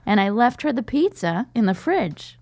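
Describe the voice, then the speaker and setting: A man's voice: very high-pitched, big pitch swings, moderate pace, darkish tone, dry recording, pitched above the performer's own voice, full character voice. A woman voicing her sheepish, oblivious dad, giving hesitant, stammering excuses in a lifted voice.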